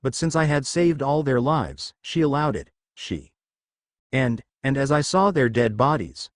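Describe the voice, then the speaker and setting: A haltingly ashamed young woman who craves blood, read out by a man in his own voice. The pitch moves a lot, and the sound is dry and close. This is storybook narration, not full acting. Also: animated, no room sound, close to an everyday voice.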